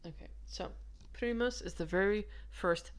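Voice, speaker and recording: A woman's voice: mid-range voice, a little slow. A woman giving a casual, chatty lesson on a manuscript, giggly and rambling, who stops to answer viewer comments. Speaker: manuscript researcher presenting her findings.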